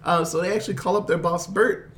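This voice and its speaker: A man's voice: high voice, fast. A man casually retelling a zombie film plot, laughing often and acting out the characters' lines. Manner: animated storyteller, laughs often, mimics characters. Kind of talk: casual movie recap chat.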